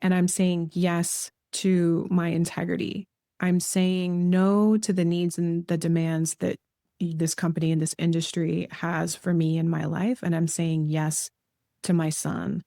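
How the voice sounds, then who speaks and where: A woman's voice: lowish voice, little pitch movement, measured pace, creaky, mellow, no echo, studio quality. A woman hosting a podcast who responds to her guest in a reflective, thoughtful way. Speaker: podcast host. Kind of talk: reflective interview talk.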